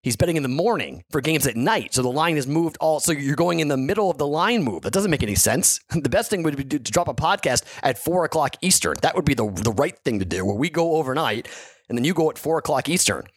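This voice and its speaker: A man's voice: on the high side, expressive, fast talker, no echo, studio quality. A man hosting a sports betting podcast, talking casually and frankly, frustrated and rambling with restarts. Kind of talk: casual solo podcast talk.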